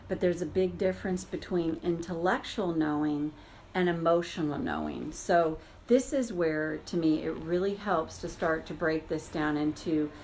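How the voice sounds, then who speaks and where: A woman's voice: fairly low pitch, a little mellow, slight background noise. A woman coaching viewers in a casual, chatty impromptu live stream from her cousin's house, greeting them by name. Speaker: tapping coach. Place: cousin's house, gardeners outside.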